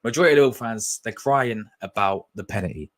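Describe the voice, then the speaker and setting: A young man, chatting casually and excitedly on a fan live stream, full of slang and repeated words. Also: fairly low pitch, quick pace.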